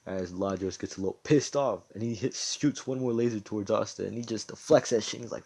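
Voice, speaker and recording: A man's voice: fairly low pitch, fairly quick, gravelly, few pauses, darkish tone, husky. A man casually telling a fan-made story in loose slang, full of swearing and fillers.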